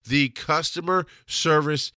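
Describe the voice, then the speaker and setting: A man's voice: fairly high pitch, steady tone, slow pace, pushed and bright, no echo, studio quality. A man hosting a podcast, delivering a blunt, heated, profane solo rant. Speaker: podcast host. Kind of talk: ranting solo monologue.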